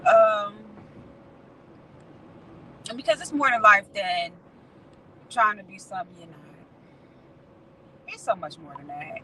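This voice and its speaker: A woman's voice: medium pitch, wildly swooping pitch, slow, pauses often. A woman chatting casually and candidly on a livestream, swearing freely and laughing as she talks. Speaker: vlogger. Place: in a car at night. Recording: road noise from a moving car.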